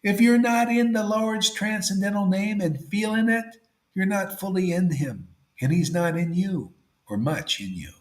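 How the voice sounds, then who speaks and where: A man giving a devotional sermon in a casual way, saying 'see' and 'man', and swinging between loud emphasis and near-whispers. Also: sits high, animated, moderate pace, roomy sound. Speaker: spiritual teacher.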